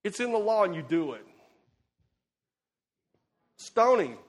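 A man preaching an expository sermon, animated and emphatic, swinging between loud bursts and quiet asides. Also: high voice, slow.

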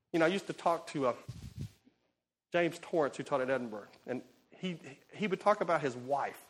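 A man preaching an expository sermon, animated and emphatic, swinging between loud bursts and quiet asides. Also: a little high.

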